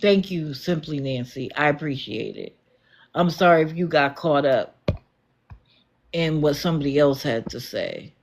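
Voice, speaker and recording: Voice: medium pitch, measured pace, darkish tone. A livestream host talking back to viewers in the comments, challenging and sarcastic.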